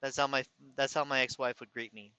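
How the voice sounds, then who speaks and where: A man's voice: mid-range voice, steady tone, brisk, sharp tone, smooth, no room sound. A man telling a rambling story in a casual venting way, with a slight lisp and some slurred words, often correcting himself. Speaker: vlogger. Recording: dull lo-fi sound.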